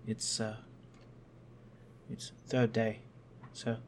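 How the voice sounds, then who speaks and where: A man voicing a weak, bedridden old man who speaks in a faint, halting whisper. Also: fairly low pitch, completely flat delivery, darkish tone, slight background noise. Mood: weak, tired.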